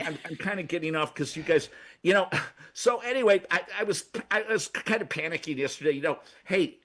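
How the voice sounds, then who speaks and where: High, bright, stammering man. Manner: stammering, frantic, rambling. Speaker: recurring comedy segment guest. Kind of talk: excitable comedic radio chat. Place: radio studio.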